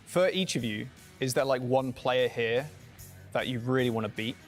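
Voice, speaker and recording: A man's voice: mid-range voice, normal speed, soft background music. A man interviewing esports players, asking light joking questions in an upbeat way. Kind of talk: casual interview.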